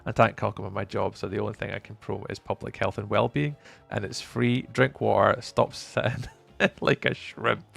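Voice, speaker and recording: A young man chatting casually with viewers while live streaming, playful and often trailing off into a softer voice. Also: on the low side, fairly even intonation, normal speed, vocal fry, faint music behind.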